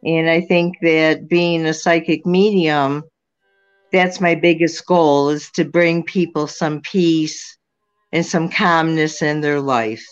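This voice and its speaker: A woman in her sixties speaks slowly and rambles a little, with many fillers and restarts. Her voice sits a little low. It comes through a dull lo-fi line. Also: fairly even intonation, soft background music. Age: 60s. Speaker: psychic medium guest. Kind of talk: casual interview answers.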